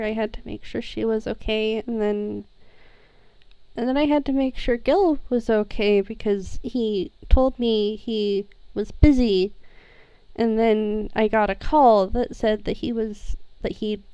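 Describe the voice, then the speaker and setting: A woman voicing a heartsore young character, halting and restarting, slow, mellow, muffled lo-fi mic. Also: on the high side, smooth, no room sound. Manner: halting, many restarts and trailing words. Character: troubled young person, heartsore and wistful. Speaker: player. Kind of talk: in-character tabletop role-play.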